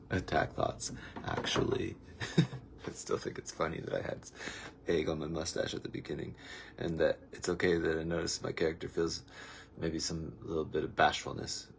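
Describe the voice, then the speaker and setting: A man's voice: low-pitched, creaky, a little mellow, a little hiss or hum. A man leading a daily spiritual lesson in a casual, rambling, reflective and good-humored way. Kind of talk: casual, meandering spiritual talk.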